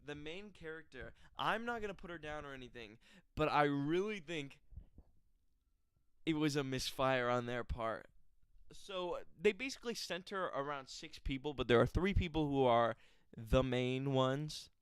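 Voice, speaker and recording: Male vlogger, casual film reviewer, clear smooth tone, dry room. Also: a little high, lively intonation, moderate pace, no room sound. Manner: chatty, laughing, exaggerated asides. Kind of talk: casual movie review vlog.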